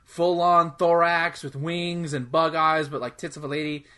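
A man's voice: on the high side, little pitch movement, moderate pace, sharp tone, clear, resonant tone. A man co-hosting a podcast, chatting casually about video games, rambling with lots of "like" and swearing freely. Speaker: podcast co-host. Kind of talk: casual gaming chat.

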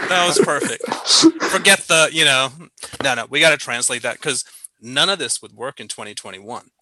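A man's voice: medium pitch, expressive, moderate pace, bright, forceful tone, poor audio. A man hosting a podcast in casual chat, playful and mock-serious, often laughing. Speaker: podcast host.

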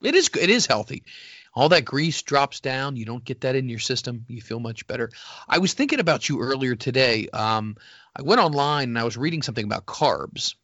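A man in easygoing banter who rambles and pokes fun at himself, his voice bright and forward. His pitch swings a lot as he talks. The sound is dry and a little muffled. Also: expressive, brisk, no room sound. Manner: rambling, self-deprecating, laughs often. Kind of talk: casual banter.

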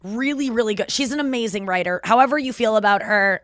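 A woman hosting a podcast in casual chat, rambling and animated, laughing often as she talks. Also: on the high side, fast, no echo, studio quality. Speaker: podcast host.

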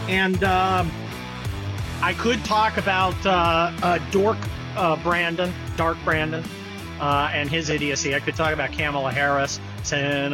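A man's voice: fairly high pitch, steady tone, unhurried, over music. A man hosting a podcast in a casual, profane, mocking rant that jumps from topic to topic. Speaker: podcast host. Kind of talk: casual ranting chat.

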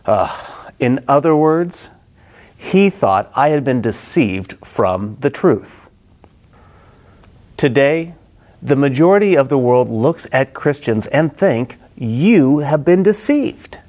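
A man's voice: medium pitch, animated, slow pace, darkish tone. A middle-aged man preaching a Bible-study sermon, acting out the quoted characters expressively.

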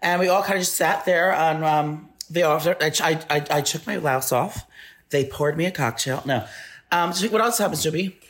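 A man co-hosting a podcast, telling a story in an animated, casual way. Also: a little high, normal speed. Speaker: podcast co-host. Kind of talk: casual chat.

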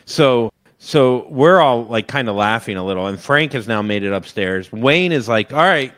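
Guy on a podcast spinning a rowdy story, does loud voices for the people in it. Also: medium pitch, normal speed. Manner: animated storyteller, acts out loud shouted quotes. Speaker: podcast co-host. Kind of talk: casual chat.

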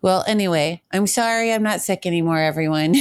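A woman's voice: fairly low pitch, clear, resonant tone, no echo, studio quality. Playful woman in her forties co-hosting. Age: 40s. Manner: playful, teasing, quick to laugh. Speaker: podcast co-host. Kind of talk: casual chat.

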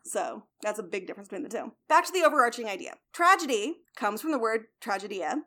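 A woman's voice: a little high, quick pace. A young adult woman hosting a casual explanatory talk, chatty, blunt and swearing now and then. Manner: chatty, swears, lively emphasis.

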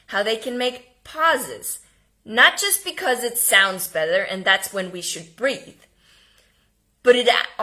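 A woman leads a live online workshop on tone of voice. Her voice is bright and forward, and she takes her time, leaving deliberate pauses. She shifts between loud, showy demonstrations and quiet, measured lines. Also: mid-range voice. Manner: laughs at herself, informal. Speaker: communication coach.

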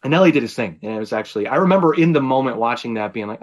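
Animated, swearing male podcast host. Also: mid-range voice, very fast. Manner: animated storyteller who swears freely and laughs often. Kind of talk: casual podcast chat.

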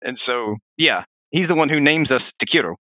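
Lively fast-talking man on a tinny line. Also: mid-range voice, no room sound. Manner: rambling, animated storytelling with restarts. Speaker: podcast host. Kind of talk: casual lore discussion. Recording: dry, phone-like narrow sound.

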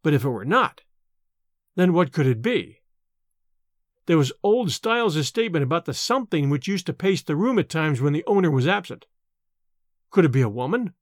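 Expressive man narrating a horror story. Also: on the high side, moderate pace, pauses often, no room sound, studio quality. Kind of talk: scripted audiobook narration.

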